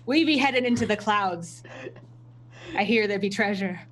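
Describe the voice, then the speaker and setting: A woman's voice: mid-range voice, a little slow, fairly bright tone, a little hiss or hum, close to an everyday voice. A woman voicing a flamboyant female pirate captain in a mock pirate dialect. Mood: swaggering.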